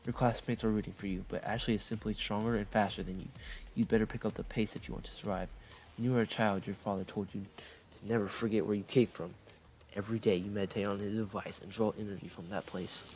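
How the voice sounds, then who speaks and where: A man's voice: lowish voice, steady tone, fast talker, a little mellow, a little hiss or hum. A man reading a story game aloud, playful and breaking off for jokes.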